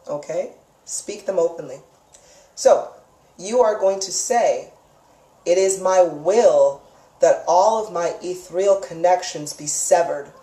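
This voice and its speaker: A woman's voice: fairly low pitch, warm tone. A woman teaching a live lesson on energy healing in an instructive, emphatic way, repeating key phrases and checking in with "okay?". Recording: echoey room, mic far off.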